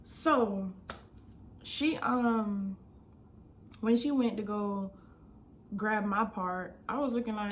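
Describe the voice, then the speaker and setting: A woman's voice: medium pitch, a little slow, slight background noise. A young woman, casually telling a rambling storytime about her job, emphatic and correcting herself as she goes. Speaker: vlogger.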